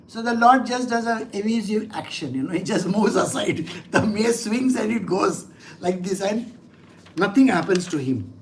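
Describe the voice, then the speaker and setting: A man's voice: high-pitched, animated, normal speed, a little hiss or hum, low-quality recording. A man gives a scripture lesson as a spiritual teacher, reading verses and then explaining them casually. His talk is conversational and often broken by little chuckles.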